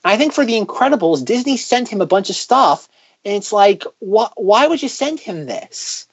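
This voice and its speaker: A man's voice: high voice, lively intonation, normal speed, slightly rough. A man co-hosting a podcast, chatting casually and joking, rambling with many restarts. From United States. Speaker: podcast co-host. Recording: dull lo-fi audio.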